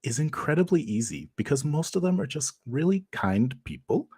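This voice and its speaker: A man's voice: fairly high pitch, sing-song, normal speed, mellow, husky, no echo, clean studio sound. A man speaking as a guest game master over a video call, upbeat and joking. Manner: upbeat and joking, laughs easily. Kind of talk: casual interview chat.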